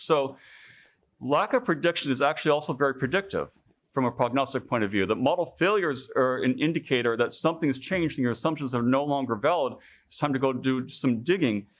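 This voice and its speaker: A man making a comment in a scientific workshop discussion, lively and joking, acting out quoted dialogue. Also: medium pitch, brisk. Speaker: workshop participant.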